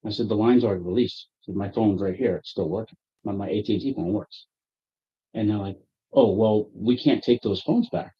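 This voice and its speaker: A man telling a long story to friends in casual talk, profane and animated, acting out his own angry quotes. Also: fairly low pitch, fairly quick, slightly rough. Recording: dull lo-fi audio.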